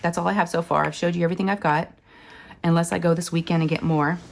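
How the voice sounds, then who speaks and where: Hoarse, raspy woman chatting. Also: lowish voice, steady tone, fast talker. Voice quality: raspy, scratchy. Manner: rambling and chatty, full of fillers, says y'all. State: hoarse from illness. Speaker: crafting channel host. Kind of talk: casual chat while diamond painting.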